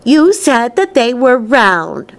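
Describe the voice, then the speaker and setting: A woman doing a shrill spoiled little girl. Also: sing-song, slow pace, exaggerated voice. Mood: insistent.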